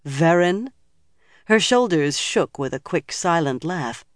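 An audiobook narrator reading fantasy fiction in an even, measured storytelling manner on a close studio mic. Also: mid-range voice, dry recording.

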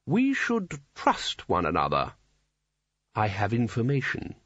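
A man's voice: mid-range voice, wildly swooping pitch, slow, fairly bright tone, dry recording, highs cut off, exaggerated voice. A man reading aloud, voicing a pompous older male wizard who drags out grand, flowery speeches. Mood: defensive.

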